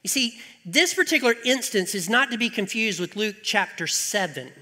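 A man's voice: high-pitched, animated, moderate pace, pushed and bright, big-room sound. A male pastor preaching a conversational sermon with joking asides, asking the congregation rhetorical questions in a church.

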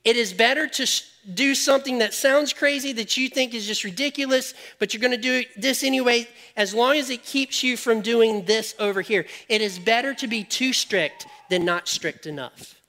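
High, bright-voiced male preacher. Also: moderate pace, hardly any pauses. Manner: animated, jokes with the audience, drops to quiet questions. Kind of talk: sermon.

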